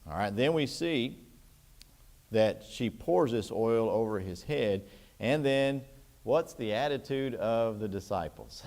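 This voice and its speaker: Lively-voiced man teaching a Bible class. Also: lowish voice, slow pace, gravelly. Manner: conversational, asks the class questions. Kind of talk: church Bible class lesson.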